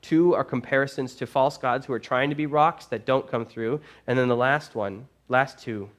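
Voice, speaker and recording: Preach as a male pastor in a church, telling the story with lively, casual energy, your voice rising and falling as the scene heats up. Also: medium pitch, moderate pace. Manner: animated storytelling, casual phrasing. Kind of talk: sermon.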